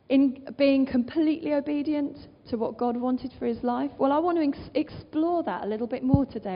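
A woman gives an earnest sermon in a high voice, often turning to her listeners with rhetorical questions. Her voice rings out with a long reverb of a large hall. The sound is muffled and dull. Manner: earnest, rhetorical questions, quoting scripture aloud. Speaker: preacher.

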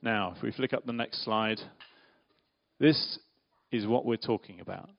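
A lower, creaky male voice delivers this children's talk at a measured pace. As the preacher, he makes the church session interactive, playfully questioning listeners and directing a volunteer; the audio is dull and lo-fi.

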